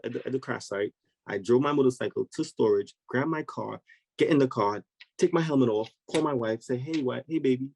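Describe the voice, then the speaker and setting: A man, a podcast guest, telling a personal story in an animated, conversational way and acting out the voices of people in it. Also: medium pitch, rough recording. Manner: vivid, acts out voices of people in his story.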